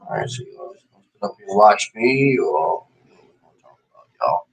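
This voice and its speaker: Man, slightly low voice, casual livestream host, chatty, rambling. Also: wildly swooping pitch, fairly quick, vocal fry, slightly rough, poor audio. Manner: casual, chatty, addresses viewers as "y'all", rambling with fillers. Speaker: host of a live stream show. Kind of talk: casual livestream chat with viewers.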